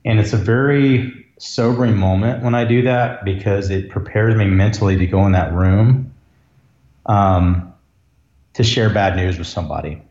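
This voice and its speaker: A man's voice: lowish voice, steady tone, normal speed, a little mellow. A man, an ER doctor telling a story as a podcast guest, earnest and reflective. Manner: earnest, reflective, emotional at times. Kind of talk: conversational storytelling. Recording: roomy, dull lo-fi sound.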